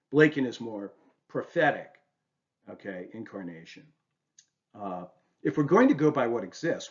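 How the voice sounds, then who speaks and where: A man's voice: on the low side, highs cut off. A man giving a recorded university lecture on poetry, talking it through with many rhetorical questions and "right?" checks. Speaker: literature lecturer.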